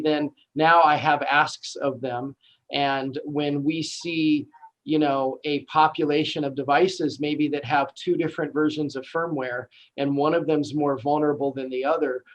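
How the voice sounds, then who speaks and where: A man with a fairly high voice speaks on a webinar panel about hospital device security. His delivery is loose and conversational, full of restarts. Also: low-quality recording.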